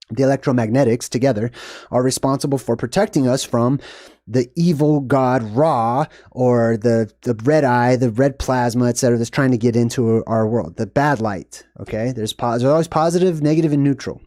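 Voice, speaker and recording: Man, movie commentary host, mellow tone, dry close sound, rambling casual delivery. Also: no echo. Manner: rambling, checks in with "okay?" and "boom". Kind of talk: casual screen-share commentary.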